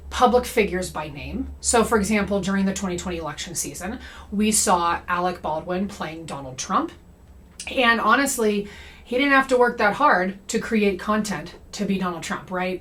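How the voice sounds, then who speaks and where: A young adult woman talks straight to her audience in a casual monologue. Her voice sits at a middle pitch. She keeps it conversational and tags her points with "okay?" and "right?". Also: a bit bright. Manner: conversational, frequent "okay?" and "right?" check-ins. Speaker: comedy creator and anti-MLM commentator.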